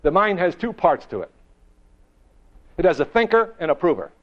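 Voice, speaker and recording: Guy running a motivational seminar, kinda high voice, asks the crowd stuff, dull lo-fi audio. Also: big pitch swings, moderate pace. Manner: emphatic, rhetorical questions, shifts pace and volume for effect. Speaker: motivational speaker. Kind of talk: seminar talk to a live audience. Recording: dull lo-fi recording.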